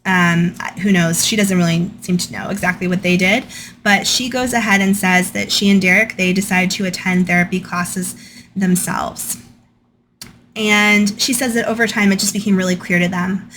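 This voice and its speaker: A woman's voice: lowish voice, fairly even intonation, normal speed, a bit bright, a little hiss or hum. A young adult woman hosting her channel. She reads passages from a book and comments on them in a chatty way, often saying "like" and "um". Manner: chatty, frequent "like" and "um". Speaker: channel host. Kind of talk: casual storytime commentary, reading from a book.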